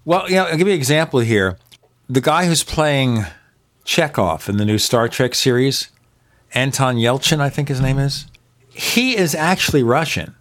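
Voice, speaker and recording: A man's voice: medium pitch, animated, normal speed, fairly bright tone. A man hosting a podcast in casual chat, talkative and opinionated, piling up examples. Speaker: podcast host. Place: home in Arizona.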